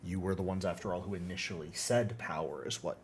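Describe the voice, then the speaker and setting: A man running a tabletop game as game master, unhurried and deliberate. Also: sits low, steady tone, a little hiss or hum.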